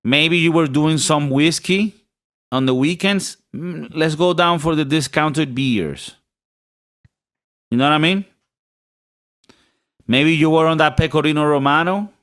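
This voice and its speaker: A man's voice: a little high, a little slow, long pauses, a bit bright. Rambling, joking man on a podcast. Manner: rambling, joking, with many restarts. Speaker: podcast co-host. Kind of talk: casual podcast chat.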